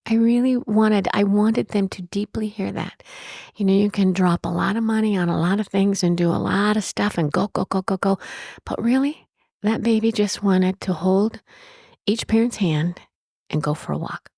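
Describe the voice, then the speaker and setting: A woman's voice: mid-range voice, normal speed, gravelly, darkish tone, dry recording, clean studio sound. A woman who owns a bed and breakfast, telling stories in an interview in a chatty way, with frequent restarts. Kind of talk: storytelling in an interview.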